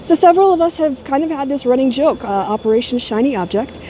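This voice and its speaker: A woman's voice: high voice, lively intonation, fast, mellow, slight background noise. A middle-aged woman talking casually and sardonically to a handheld camera she holds at arm's length. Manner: sardonic, mocking. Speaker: YouTuber. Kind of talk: casual talking-head vlog.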